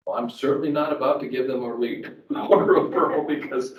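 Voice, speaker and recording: A man's voice: mid-range voice, lively intonation, quick pace, few pauses. A middle-aged man, speaking as a sales trainer at a live seminar, conversational, repeating words as he tells personal stories. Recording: echoey room, distant mic, faint background ambience.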